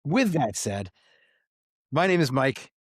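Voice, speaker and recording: A man's voice: medium pitch, big pitch swings, takes it slowly, slightly rough, dry recording. A man co-hosting a soccer podcast in casual chat, joking and given to mock-grand rants. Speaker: podcast co-host.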